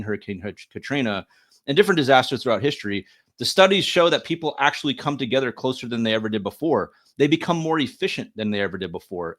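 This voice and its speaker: A man's voice: medium pitch, a bit bright. A man co-hosting a podcast, talking earnestly and emphatically in a casual political discussion, often repeating words as he thinks. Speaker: podcast co-host.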